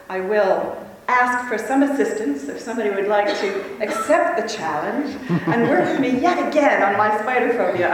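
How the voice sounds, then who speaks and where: A woman speaker tells a lively, laughing story to a conference audience. Her voice rings through a big echoey hall, picked up from a distance. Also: mid-range voice. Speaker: convention speaker. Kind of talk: talk to a live audience.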